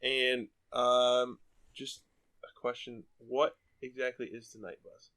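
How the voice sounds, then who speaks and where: A man's voice: mid-range voice, little pitch movement, takes it slowly, sharp tone. A man hosting a casual book podcast, rambling and laughing a lot as he talks. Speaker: podcast host.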